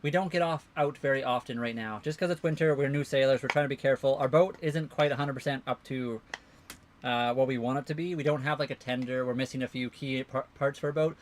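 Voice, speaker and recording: A man's voice: medium pitch, steady tone, fast talker, a little hiss or hum. A man co-hosting a casual livestream, rambling through answers to viewer questions. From Canada. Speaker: livestream co-host.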